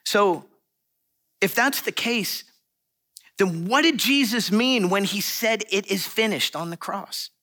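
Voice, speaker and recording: Male pastor, high and animated, casual sermon delivery with asides. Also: takes it slowly, long pauses. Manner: animated, conversational preaching with asides and laughs.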